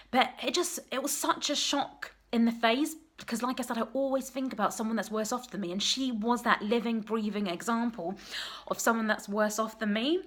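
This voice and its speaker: A woman's voice: on the high side, steady tone, moderate pace, fairly bright tone. A woman talking straight to camera at home in an unscripted, heartfelt vlog, earnest and encouraging. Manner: emotional, tearful at times, earnest and encouraging. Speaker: vlogger, single mum business coach. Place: at home, messy room.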